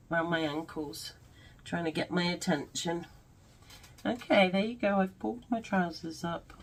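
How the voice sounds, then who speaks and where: Brief: woman vlogger, low and unhurried voice, gushing over crafts at home. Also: husky, low-quality recording. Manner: gushing, musing aloud. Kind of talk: casual crafting commentary.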